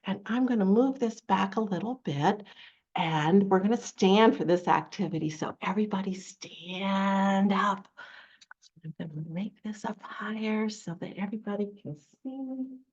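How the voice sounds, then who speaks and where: A woman running a children's storytime, reading a picture book and coaxing the kids to join in with a lively, sing-song manner. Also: mid-range voice, measured pace, lo-fi sound. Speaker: children's librarian.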